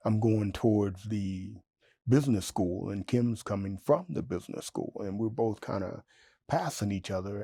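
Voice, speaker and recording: A man in his sixties, an interview guest telling a story in a lively way, jumping up in pitch when he quotes himself. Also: gravelly, dry recording, clean studio sound. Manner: animated storyteller, jumps high in pitch when quoting himself.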